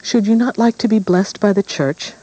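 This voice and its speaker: Brief: man playing a storybook witch queen, coaxing, lifted higher and stronger. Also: moderate pace, warm tone, poor audio. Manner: coaxing, pleading.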